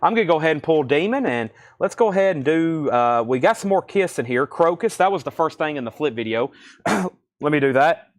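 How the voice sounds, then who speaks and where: A man hosting a live online record auction, calling out titles, prices and bidders in a brisk, businesslike patter. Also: a little high, lively intonation. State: throat a bit choked, coughing.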